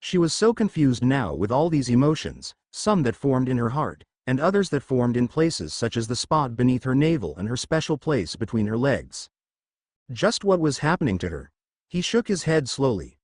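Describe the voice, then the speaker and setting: A man narrating a fan fiction audiobook in a steady storytelling manner. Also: mid-range voice, normal speed, no echo, studio quality.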